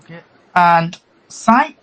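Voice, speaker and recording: A man hosting a casual podcast, brisk and teasing as he leads the questions. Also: high voice, animated, fairly bright tone. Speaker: podcast host. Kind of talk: casual chat.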